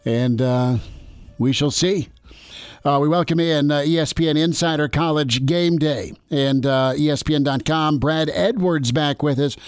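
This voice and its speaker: A man's voice: fairly high pitch, normal speed, smooth, no echo, faint music behind. A man hosting a sports radio show, chatting loosely and joking with fillers and restarts. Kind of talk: casual sports radio talk.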